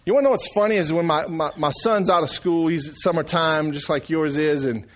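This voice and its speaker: A man's voice: a little high, brisk. A middle-aged man preaching a sermon, telling folksy family stories and calling out for the congregation's response. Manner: folksy storytelling, calls for response.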